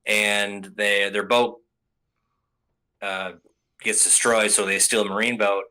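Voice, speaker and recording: A man's voice: fairly low pitch, flat delivery, slow pace, sharp tone, clear, resonant tone, rough recording. A young adult man hosting a casual review show, rambling through a recap with many fillers and some swearing. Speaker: podcast host.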